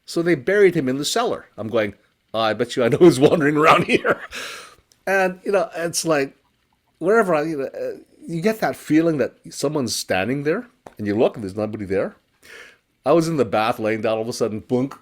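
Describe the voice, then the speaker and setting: A man telling a personal ghost story in casual conversation, animated and laughing as he acts out his own reactions. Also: mid-range voice, fairly quick. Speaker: storyteller guest.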